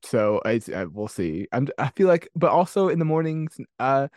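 A man's voice: medium pitch, sing-song, moderate pace, a little mellow, no room sound, clean studio sound. A man co-hosting a casual podcast chat over a call, teasing and a bit sassy. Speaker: podcast co-host. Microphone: remote call mic.

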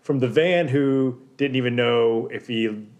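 A man's voice: medium pitch, measured pace, a little mellow. A man hosting a casual podcast interview, asking eager, teasing questions. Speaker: podcast host.

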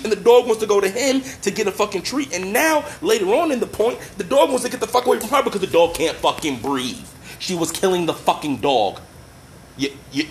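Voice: medium pitch, a little hiss or hum. A commentator in a profane, impassioned rant who talks bluntly, swears constantly and speaks straight to the listeners. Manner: heated, blunt, heavy swearing, addresses listeners directly.

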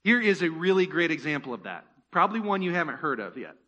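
A male pastor delivering a sermon in a church, his voice pitched high and bright. He keeps it conversational, firing rhetorical questions at the congregation and tossing in playful asides. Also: very animated, fast, muffled recording.

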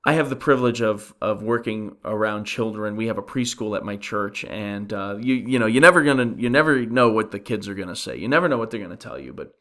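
A man's voice: lowish voice, animated, brisk, hardly any pauses, fairly bright tone. Man preaching in a conversational way. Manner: earnest, asks the listeners rhetorical questions; frequent restarts while thinking aloud. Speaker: pastor. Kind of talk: conversational sermon on a Bible passage.

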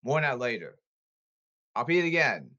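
Man ranting, bright tense voice. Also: medium pitch, sing-song, brisk, highs cut off. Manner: repetitive, emphatic, angry outbursts. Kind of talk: ranting monologue.

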